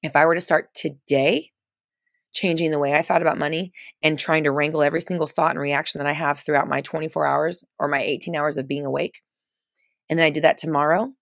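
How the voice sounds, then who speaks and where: A woman's voice: deep voice, fairly even intonation, fast talker, gravelly, no room sound, studio quality. A woman giving casual, chatty coaching on a live stream, full of fillers and restarts, stressing points by repeating phrases.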